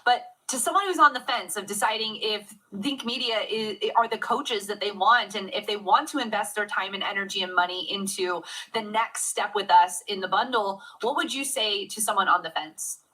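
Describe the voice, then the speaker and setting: Bright, upbeat woman hosting a livestream. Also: mid-range voice, moderate pace, hardly any pauses, rough recording. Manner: upbeat, encouraging. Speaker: host and coach. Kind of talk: livestream interview.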